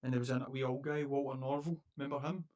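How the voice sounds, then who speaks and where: Quick chatty Scottish man. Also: mid-range voice, fairly even intonation, a little mellow. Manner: chatty, rambling, sweary. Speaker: podcast co-host. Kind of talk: casual chat.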